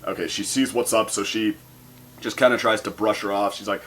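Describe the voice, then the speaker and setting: A man's voice: lowish voice, brisk, a bit bright, husky. A man casually reviewing a cartoon episode, rambling and hesitant, often amused.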